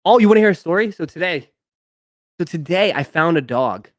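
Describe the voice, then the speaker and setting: This young man hosts a sneaker live stream, his fairly high voice quick and full of lively intonation. The studio audio is clean with no echo, and he chats casually while spinning out a long, meandering tale crowded with filler words.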